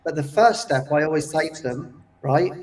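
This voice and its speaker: A man with a high voice tells a story with lively energy, acting out the voices of the people in it and checking in with a frequent "yeah?". He sounds somewhat distant from the microphone. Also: normal speed. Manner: animated storyteller, acting out quoted voices, often adding "yeah?". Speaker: retreat leader and guest. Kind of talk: casual storytelling. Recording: voice distant from the mic.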